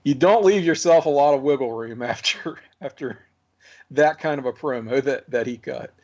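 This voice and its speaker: A man hosting a podcast, talking in a relaxed and reflective way. He chuckles softly and repeats words while he works out a thought. The sound is a bit muffled. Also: medium pitch, moderate pace. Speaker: podcast host. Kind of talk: casual chat.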